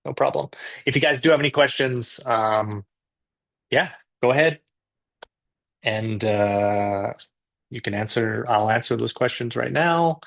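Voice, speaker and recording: A Canadian man with a gravelly edge to his mid-range voice hosts a live English class. He chats loosely and cracks self-deprecating jokes as he talks to his viewers. He sounds relaxed and informal. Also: mid-range voice, unhurried, long pauses. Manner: chatty, joking, self-deprecating. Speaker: English teacher. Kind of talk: casual live class talk.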